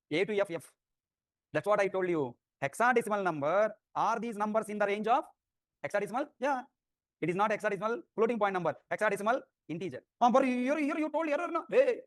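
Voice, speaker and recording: A male teacher with a high, quick voice fires repeated questions at his class and teases them. The sound is dry and close. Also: no echo. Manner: drilling questions, repetitive, teasing students. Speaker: programming teacher.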